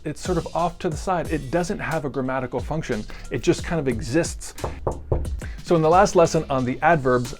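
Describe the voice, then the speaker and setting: Dude teaching grammar with crude jokes, laid back and rambly, soft music behind. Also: male voice, on the high side. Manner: joking, crude humor; relaxed and rambling. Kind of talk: casual video lesson.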